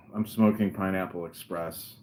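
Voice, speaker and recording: Low-voiced man hosting a livestream. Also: darkish tone, slight background noise. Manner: dry, mocking, rambling, frequent throat clearing. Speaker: podcast host. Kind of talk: casual livestream chat.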